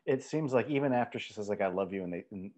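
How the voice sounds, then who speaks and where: A man's voice: lowish voice, lively intonation, fast talker, a little mellow. A man co-hosting a casual film discussion podcast, speaking hesitantly with repeated false starts. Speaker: co-host.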